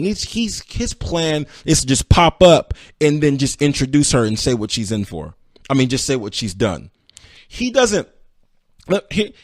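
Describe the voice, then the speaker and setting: A man hosting a podcast, retelling stories casually and acting out the people in them with sudden high-pitched outbursts. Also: dry recording, studio quality. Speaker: podcast host. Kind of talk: casual storytelling recap.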